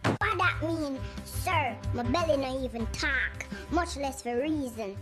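A woman's voice: high-pitched, measured pace, loud music behind the voice. A young woman with a Jamaican accent doing a cheeky comic monologue. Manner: cheeky, complaining storyteller. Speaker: comedic performer.

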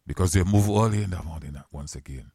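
A man's voice: low-pitched, fast talker, gravelly, warm tone, husky, dry recording, clean studio sound. A man preaching a sermon, repeating phrases and building to fervent, emphatic exhortation.

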